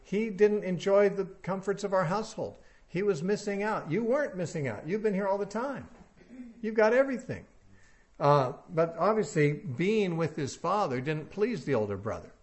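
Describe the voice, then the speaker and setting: A man's voice: high voice, lively intonation, normal speed. A man giving a verse-by-verse Bible teaching, reasoning aloud and putting rhetorical questions to his listeners.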